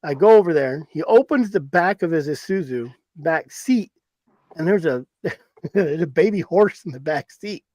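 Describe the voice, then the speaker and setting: Host, male, from Arizona; rambling storyteller, a bit higher voice, dry close sound. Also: expressive, a little slow, a little mellow, no echo. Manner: rambling, repeats himself for emphasis. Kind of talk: casual storytelling chat.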